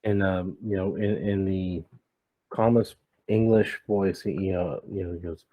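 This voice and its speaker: A man's voice: deep voice, fairly even intonation, a little slow, no room sound, phone-quality sound. A man narrating as game master of a tabletop game, talking in a hesitant way with many fillers.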